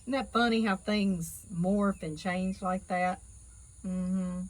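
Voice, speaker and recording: A woman's voice: medium pitch, steady tone, slow pace, rough recording. A middle-aged woman with a Southern drawl, chatting casually to her viewers as a cooking channel host, folksy and talkative, calling them y'all. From Louisiana. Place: outdoor canning kitchen porch.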